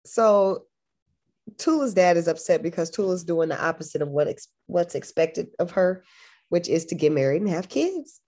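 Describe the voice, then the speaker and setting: A woman's voice: lowish voice, lively intonation, normal speed, dark tone. A young woman co-hosting a podcast, chatting about a movie in a laid-back, slangy way with frequent laughs. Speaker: podcast co-host. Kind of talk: casual movie recap chat.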